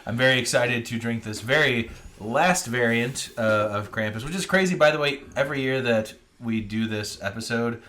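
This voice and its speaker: A man's voice: medium pitch, normal speed, hardly any pauses, bright, forceful tone. A man hosting a beer podcast, talking casually and rambling. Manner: rambling, lots of fillers and restarts. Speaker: podcast host.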